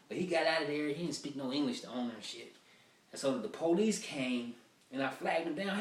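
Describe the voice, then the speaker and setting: A man's voice: a little high, brisk. A male comedian telling stories in a profane, rambling, casual way, recorded from a distance in a roomy space. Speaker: stand-up comedian. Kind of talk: stand-up storytelling, rough draft. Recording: roomy sound from a distant mic.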